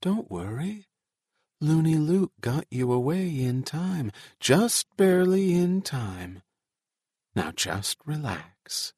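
Tiny bug-like alien creatures murmuring calm reassurance in a hushed, gentle voice, as a male narrator puts them on. The sound is dry and close. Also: a little high, takes it slowly, breathy edge, dry recording, voice pushed up, exaggerated voice. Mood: soothing. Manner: soft, gentle, calming.

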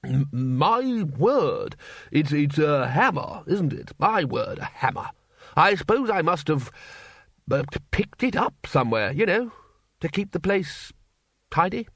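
A flustered old wizard lecturer who stammers and plays innocent, as a man voices him for an audiobook. He pitches up high and flits about in range, and the sound stays dry and close. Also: very animated, measured pace, creaky, fairly bright tone, no room sound, heavily acted.

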